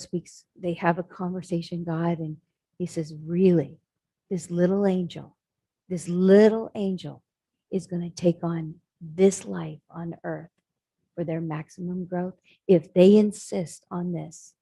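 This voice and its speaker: Mellow husky woman telling a story. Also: fairly low pitch, no echo, rough recording. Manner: dramatic storyteller voicing characters. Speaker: spiritual speaker. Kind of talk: storytelling sermon.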